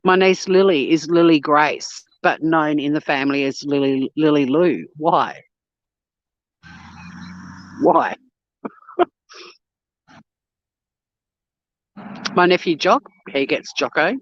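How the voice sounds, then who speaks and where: Recorded lo-fi with no room sound, this Australian vlogger's low voice moves at a moderate pace with few pauses. She chats casually on an outdoor walk, blunt and sweary, telling lively stories.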